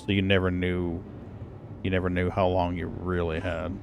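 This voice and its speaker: A man with a fairly low voice chats in a relaxed, unpolished way while streaming a game, cursing casually between thoughts. Faint noise sits under the voice. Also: moderate pace, vocal fry. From North Dakota. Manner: laid-back, swears casually. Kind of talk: casual gaming chat.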